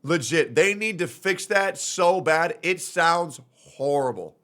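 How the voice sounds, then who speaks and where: Bright, blunt ranting male streamer. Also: on the high side, lively intonation, slow. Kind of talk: casual reaction commentary.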